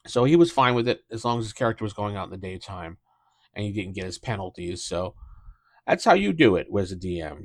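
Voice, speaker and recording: Man, low voice, middle-aged, dungeon master host, rambling, halting, fillers, dry close sound. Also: no echo. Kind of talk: casual talk to camera about tabletop gaming.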